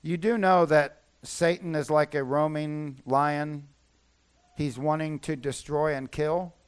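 Higher-voiced man preaching emphatically. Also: steady tone, takes it slowly, smooth. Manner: emphatic preaching, repeats key phrases. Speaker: pastor. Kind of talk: sermon.

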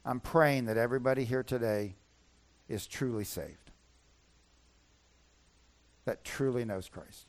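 A man's voice: mid-range voice, unhurried, long pauses. A man preaching a sermon as pastor, emphatic and repeating his key points.

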